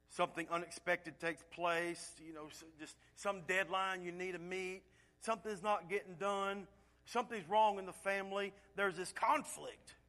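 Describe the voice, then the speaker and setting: A pastor preaching with earnest conviction, his voice sitting a little high for a man. He pushes key points out loudly, then drops into soft, hushed asides. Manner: earnest preaching, swings between loud emphasis and hushed asides. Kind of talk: sermon.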